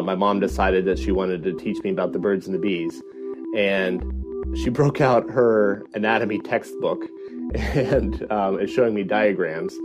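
Halting man caller with a lowish voice. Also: low-quality recording. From Kalamazoo, Michigan. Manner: halting, many fillers.

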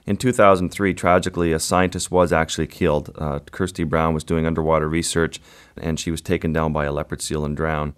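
A man, a wildlife photographer, being interviewed and telling a vivid, unhurried story about his work. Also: extremely low pitch, flat delivery.

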